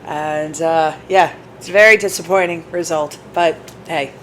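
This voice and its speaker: A woman's voice: sits low, steady tone, measured pace, fairly bright tone, a little hiss or hum, low-quality recording. A woman co-hosting a casual podcast, talking in a chatty, rambling, self-deprecating way. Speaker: podcast co-host. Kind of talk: casual chat. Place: bar in a bookstore.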